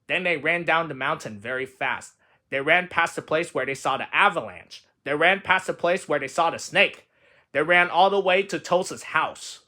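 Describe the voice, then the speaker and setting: A man reading a children's storybook aloud in plain, steady narration. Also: fairly high pitch, moderate pace. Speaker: reader.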